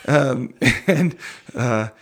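A man, a pastor, telling a personal story in a casual interview, talking in halting bursts with many restarts and self-deprecating chuckles. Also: mid-range voice, animated, a bit bright.

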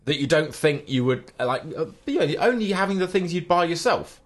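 A man co-hosting a comic podcast, making dry, deadpan quips. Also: a little high, a little fast. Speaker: podcast co-host. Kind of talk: comic banter.

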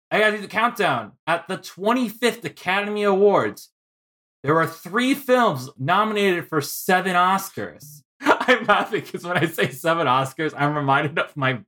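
A man's voice: a little high, sharp tone. A man hosting a film podcast, chatting playfully and laughing often as he runs through award stats. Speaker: podcast host. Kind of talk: casual podcast chat.

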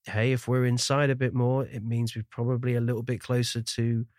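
A man's voice: mid-range voice, level tone, a little fast, a little mellow, dry recording, clean studio sound. A man from the Shetland Islands with a mostly neutral British accent, hosting a podcast in casual, self-deprecating chat and laughing often. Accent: neutral British with faint traces. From Shetland Islands, Scotland. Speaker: podcast host.

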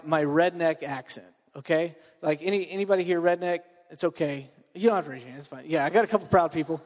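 A man from Texas gives a loose, joking sermon to a student crowd while fighting a cold, stumbling through restarts and fillers. His voice sits high for a man. It rings out with a long reverb through a large room. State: under the weather with a cold. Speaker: preacher. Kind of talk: casual sermon to a student group.

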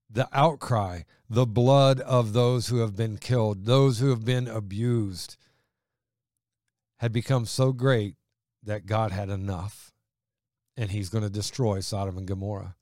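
A man preaching a sermon with fervent emphasis, his delivery rising loud and dropping quiet. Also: lowish voice, fairly even intonation, a little slow, dry recording, clean studio sound.

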